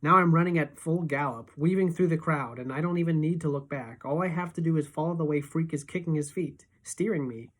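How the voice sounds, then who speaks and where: A teacher reading a novel aloud in steady, expressive first-person narration. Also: female voice, deep voice, fairly quick, hardly any pauses.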